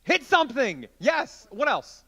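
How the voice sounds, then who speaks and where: Man, youth pastor, playful sermon delivery, bright voice with a high, bouncy pitch. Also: a little slow, slightly rough. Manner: playful, joking, animated with volunteers. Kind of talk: interactive youth group sermon.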